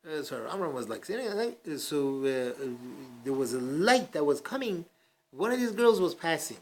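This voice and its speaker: A man's voice: on the high side, slightly rough. A man teaching a casual Talmud class, telling a story with many fillers and restarts and acting out the quotes. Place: study hall class.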